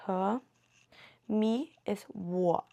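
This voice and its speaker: A woman teaching a beginner language lesson in a slow, patient way, muttering and correcting herself as she writes. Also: medium pitch, gravelly, dark tone. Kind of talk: casual beginner lesson, writing on board.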